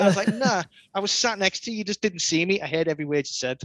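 A man's voice: high voice, very fast, few pauses. Swearing man telling stories. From Liverpool, England. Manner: animated, swears a lot, acts out quotes. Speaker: podcast guest, skate photographer. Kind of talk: casual storytelling.

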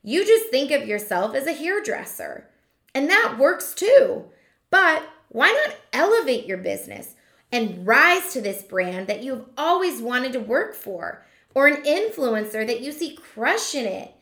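A woman who is a hairdresser and business coach, giving a motivational monologue to fellow hairdressers with emphatic rhetorical questions and slowing down to stress key points. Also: high-pitched, sing-song, a bit bright. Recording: echoey room.

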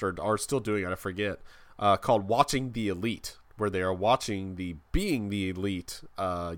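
A man hosting a casual wrestling podcast, rambling and halting with frequent restarts. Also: fairly low pitch, a bit bright, dry recording. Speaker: podcast host.

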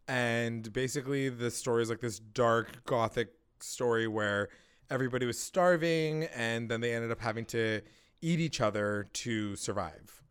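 A man in casual recap mode, animated and sweary as he acts out scenes. His voice sits at an ordinary middle pitch. He jumps between telling the plot and playing the characters. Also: normal speed, smooth. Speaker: podcast co-host.

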